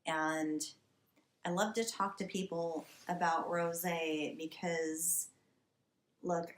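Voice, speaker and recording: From a basement cellar, a woman in her thirties hosts a casual wine vlog, delivering a comic monologue to camera. Her fairly low, fairly even voice comes slowly and deliberately, wry and emphatic with an exasperated edge. The room wraps her in a noticeable echo.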